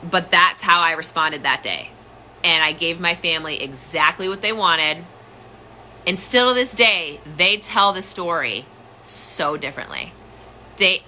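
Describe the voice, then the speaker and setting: A woman's voice: fairly low pitch, pushed and bright, slight background noise, rough recording. A young adult woman hosting a podcast, telling a personal story in an emotional, candid way and repeating phrases for emphasis. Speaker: podcast host.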